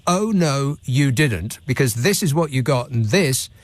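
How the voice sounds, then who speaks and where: A British man with a mid-range, animated voice hosts a late-night phone-in radio show, speaking unhurriedly in a wry, sardonic way. He's on a studio microphone with no room sound.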